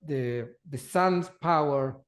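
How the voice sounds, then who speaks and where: A man who speaks as an answers interview questions, his voice sitting fairly high. He talks slowly and haltingly, often repeating words as he searches for the next phrase. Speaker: polar travel company guest.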